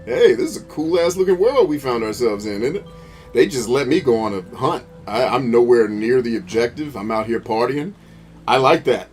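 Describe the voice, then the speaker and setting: A man rants as he plays a video game, cursing often and drifting into philosophical tangents. His voice sits at an ordinary middle pitch, and faint game music plays underneath. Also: expressive, moderate pace. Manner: profane, ranting, philosophical. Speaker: gameplay commentator. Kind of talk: rambling commentary over gameplay.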